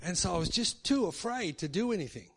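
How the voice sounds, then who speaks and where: This pastor, a middle-aged man, speaks fairly quickly in a high register with lively intonation and a slightly rough quality. His sermon takes the form of a chatty personal story, with "hey" tacked onto the end of his remarks.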